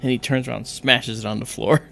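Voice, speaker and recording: A man's voice: medium pitch, brisk, creaky, a bit bright, slight background noise. A man hosting a livestream, telling a childhood story in casual chat and acting out the other people's voices as he goes. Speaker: livestream host.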